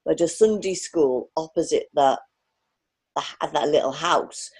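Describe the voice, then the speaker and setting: A woman's voice: low voice, moderate pace, a little mellow, husky, poor audio. A woman from the area, an artist reminiscing in a rambling interview full of restarts. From Liverpool area, England. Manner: rambling, many fillers and restarts. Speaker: artist guest.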